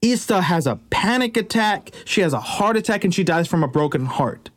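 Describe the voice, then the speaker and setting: A man's voice: sits high, animated, normal speed. A man hosting a podcast, retelling an old legend in a chatty, joking way with slangy asides. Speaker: podcast host. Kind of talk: casual storytelling.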